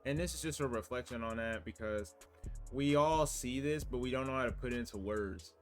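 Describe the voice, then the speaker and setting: A man's voice: mid-range voice, brisk, faint music behind. A young American man in a casual opinion monologue, earnest and full of rhetorical questions and "you know what I'm saying" asides. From United States. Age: young adult. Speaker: vlogger.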